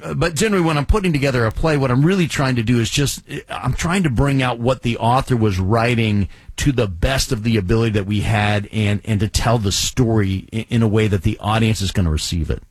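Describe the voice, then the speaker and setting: A man's voice: mid-range voice, fairly quick, few pauses, husky, no room sound. A man, a community theater director and playwright, answering interview questions in a chatty, enthusiastic way with frequent restarts.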